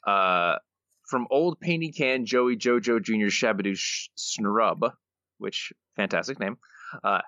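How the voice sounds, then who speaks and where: A man co-hosting a podcast, reading listener quotes aloud with light playful emphasis. His voice is bright and forceful. The sound is dry, close and somewhat dull and lo-fi. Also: lowish voice, unhurried, no room sound. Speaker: podcast co-host. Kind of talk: casual chat, reading listener answers.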